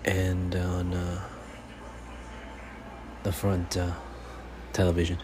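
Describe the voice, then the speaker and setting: A man's voice: low voice, completely flat delivery, slow pace. Fired-up, cursing man ranting about his team. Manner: profane, fired-up sports fan rant. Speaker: podcast host. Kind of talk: fan podcast monologue. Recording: faint background noise.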